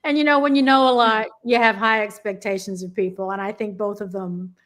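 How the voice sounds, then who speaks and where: A woman joining a livestream chat, talking in a friendly, easygoing way. Her voice sits at an average pitch, and she stays relaxed and conversational. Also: brisk. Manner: friendly, chatty, laughs often. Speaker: co-host guest.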